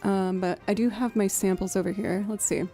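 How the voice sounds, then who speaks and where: Gravelly-voiced woman streamer scatting rhythms. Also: mid-range voice, steady tone, brisk, warm tone, faint music behind. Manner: chatty, thinks aloud, hums and scats rhythms. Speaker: streaming musician. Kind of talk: casual live-stream chat while setting up loops.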